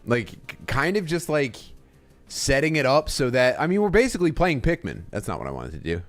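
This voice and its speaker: A man's voice: mid-range voice, big pitch swings, fairly quick, soft background music. A young man chatting casually on a livestream, rambling and swearing, reading chat and laughing often. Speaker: streamer.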